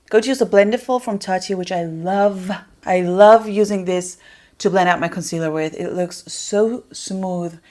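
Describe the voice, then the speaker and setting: A woman with a fairly low, gravelly voice talks casually through a makeup tutorial. She rambles and drifts into soft muttered asides. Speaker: beauty vlogger.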